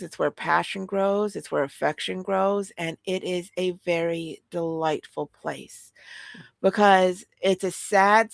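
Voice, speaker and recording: A woman chatting casually as a podcast co-host, giggly and animated as she tells a story. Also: fairly low pitch, vocal fry, no echo. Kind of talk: casual chat.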